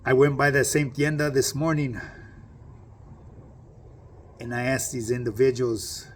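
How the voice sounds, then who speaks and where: A man's voice: medium pitch, steady tone, a little slow, pauses often, a little hiss or hum. A middle-aged man, casually telling a personal story to camera in streetwise slang and often asking "you know what I mean".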